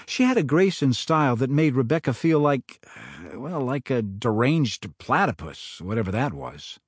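A man reading his own novel aloud in dramatic, expressive audiobook narration. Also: mid-range voice, moderate pace, slightly rough, dry recording, clean studio sound.

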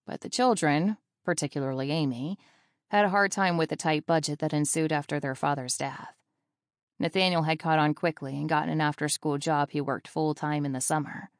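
A woman reading a novel aloud in steady, scripted audiobook narration. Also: low-pitched, gravelly, dry recording, studio quality.

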